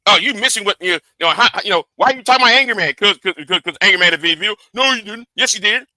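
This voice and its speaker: A man's voice: sits high, very fast, bright, forceful tone, dry recording, low-quality recording. A man on a livestream, angrily and profanely calling out a rival he speaks to directly. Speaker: live streamer. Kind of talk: confrontational livestream rant. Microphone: streaming setup.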